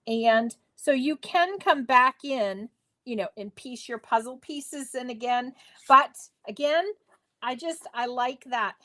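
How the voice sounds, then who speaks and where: A woman's voice: a little high, slow pace, sharp tone. A woman hosting a live crafting tutorial from her home craft space, chatting playfully with viewers as she works. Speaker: craft demo host.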